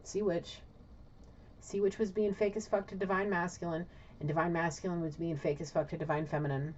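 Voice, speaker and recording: A woman with a low voice talks through a psychic reading on her own, questioning spirit out loud and answering herself. She is blunt and swears casually. The recording is dull and lo-fi with faint noise behind. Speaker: intuitive reader.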